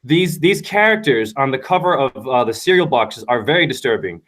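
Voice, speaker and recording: A man's voice: mid-range voice, animated, fairly quick, fairly bright tone. A man in a casual panel discussion, speaking fervently and emphatically, often repeating himself. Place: runs a dance studio.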